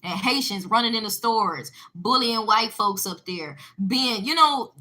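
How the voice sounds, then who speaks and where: A woman talks straight to her audience in a casual, emphatic rant, pressing her points with a preacher's insistence. Her voice sits a little high and rings sharp and bright. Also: lively intonation, a little slow, few pauses. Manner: emphatic and preachy, with religious asides. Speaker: online commentator answering a viewer. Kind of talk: casual ranting monologue.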